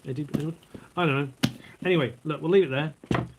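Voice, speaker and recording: A man's voice: on the high side, fairly quick, background noise. A man, chatting casually on his vlog as he reads out trivia, rambling into asides while he eats and drinks. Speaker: vlogger.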